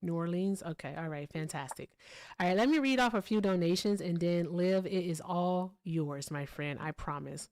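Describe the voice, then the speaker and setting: A woman's voice: lowish voice, normal speed, darkish tone, no room sound. A woman hosting a live political call-in stream, pressing a caller with pointed questions. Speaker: host.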